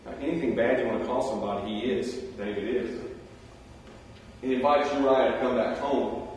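A man delivers a sermon in a loose, conversational storytelling manner, tossing in animated asides. His voice rings through a large, echoing hall with a long tail of reverb. The mic sits well back from him. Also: medium pitch, normal speed, slight background noise. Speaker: preacher. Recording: roomy hall, distant mic.

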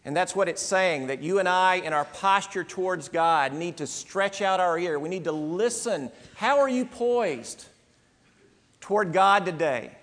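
A man preaching a sermon, earnest and emphatic, in short phrases with pauses. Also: high-pitched, a bit bright, in a large hall.

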